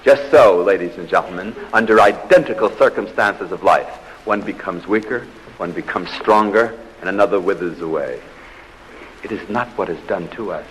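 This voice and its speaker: A man from the United States giving a humorous psychology lecture on stage, telling anecdotes with dramatic pauses and punchy delivery. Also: low voice, a little hiss or hum. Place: large theatre stage, live audience. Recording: old live theatre recording with hall reverb.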